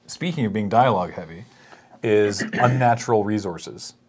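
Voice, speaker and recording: Low-voiced man, halting chat. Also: a crowd in the background. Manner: halting, many restarts and fillers, laughs into words. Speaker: podcast co-host, sketch video maker. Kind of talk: casual chat.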